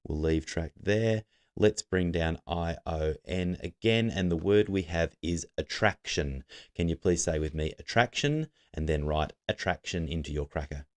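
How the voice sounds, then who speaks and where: A man's voice: low voice, unhurried. A man teaching a recorded literacy lesson, giving patient step-by-step instructions to students.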